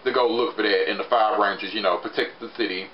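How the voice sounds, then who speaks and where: A man's voice: on the low side, fast. Chatty young man reviewing a show. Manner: chatty, animated, lots of fillers. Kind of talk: casual review vlog. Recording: roomy, slightly muffled recording with faint hiss.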